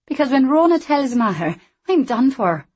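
A woman voicing a lively, teasing young woman who talks in a bright sing-song. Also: high-pitched, moderate pace, husky, pitched above the performer's own voice, full character voice. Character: lively, cheeky young Scottish woman, playful.

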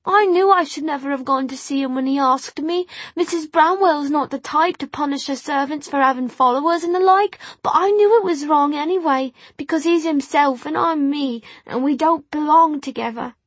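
A woman's voice: medium pitch, animated, normal speed, husky, no echo. A woman narrator voicing a young Victorian housemaid who speaks plainly and cries, her voice cracking. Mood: tearful, high. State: crying.

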